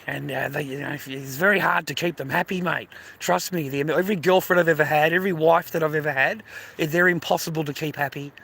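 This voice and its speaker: A man's voice: a little high, gravelly, fairly bright tone, a little hiss or hum. A man talking casually to his viewers while walking outdoors by a beach, blunt and full of swearing, calling them mate and bro. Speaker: vlogger. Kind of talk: casual walking vlog monologue.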